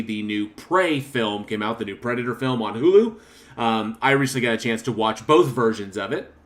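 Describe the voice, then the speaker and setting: Male podcast host, relaxed chat, reads comments aloud, laughs easily. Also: mid-range voice. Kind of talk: casual chat.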